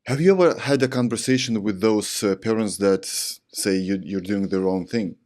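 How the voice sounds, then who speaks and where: A man with a fairly low voice hosts a podcast interview. He speaks English as a second language, pausing and restarting as he searches for his words. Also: a little mellow. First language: not English. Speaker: podcast host. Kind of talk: interview questions.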